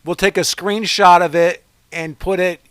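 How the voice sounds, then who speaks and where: A man's voice: high-pitched, fairly even intonation, a little slow, fairly bright tone, clear, resonant tone, no room sound. Eager, playful male podcast host. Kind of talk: casual interview chat.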